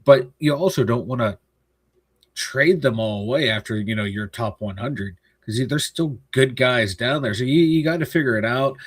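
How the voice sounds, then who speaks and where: A man's voice: mid-range voice, normal speed, breathy edge, no room sound. A man co-hosting a casual live sports show, blunt and jokey, swearing freely. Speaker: co-host.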